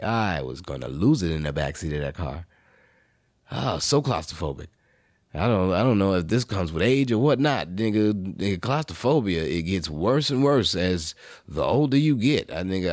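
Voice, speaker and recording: A low-voiced man delivering a profane, animated monologue in loose, casual speech. The sound is close and dry, with no room echo. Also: normal speed. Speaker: podcast host.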